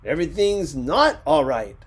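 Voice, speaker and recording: A man voicing a proud, hot-tempered older man who shouts in outrage. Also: medium pitch, expressive, measured pace, husky. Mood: outraged. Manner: shouting, indignant.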